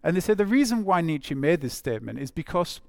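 A man's voice: fairly high pitch, big pitch swings, fairly quick, creaky, no room sound. A man preaching a sermon in a conversational way, with frequent fillers and phrases repeated for emphasis.

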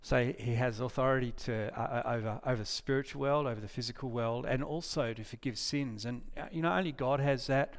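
A man's voice: medium pitch, a little fast, hardly any pauses. Guy preaching a laid-back sermon, middle voice, reads verses, keeps fixing his words and asking the room stuff. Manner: informal, restarts and corrects himself, asks listeners questions. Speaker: pastor. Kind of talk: conversational sermon with scripture reading.

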